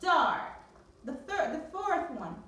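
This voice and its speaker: A woman teaching a phonics lesson to young children, with drawn-out, sing-song repetition drills. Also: high voice, very animated, fairly bright tone, recorded from a distance. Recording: very echoey room, voice from off-mic.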